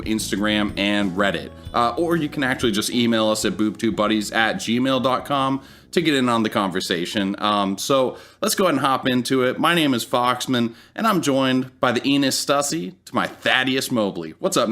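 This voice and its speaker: A man hosting a casual TV review podcast, upbeat and quick to laugh as he runs the segments. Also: mid-range voice, fairly bright tone. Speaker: podcast host.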